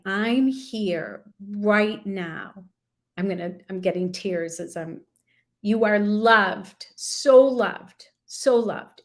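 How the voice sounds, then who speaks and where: A woman doing a live angel card reading, speaking to her viewers in a soothing, affirming way. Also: mid-range voice. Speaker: intuitive card reader.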